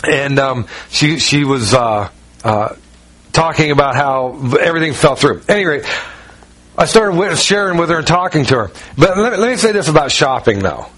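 A man with a Southern US accent, from Ohio, preaching in a relaxed, folksy, self-mocking way with many fillers. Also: fairly high pitch, moderate pace. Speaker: pastor. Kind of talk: conversational sermon.

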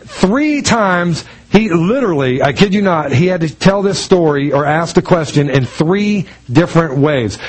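A man's voice: fairly high pitch, poor audio. A man preaching a sermon in a conversational way, telling a personal story with many restarts and acting out the other people's lines in dialogue. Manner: acts out quoted voices in dialogue.

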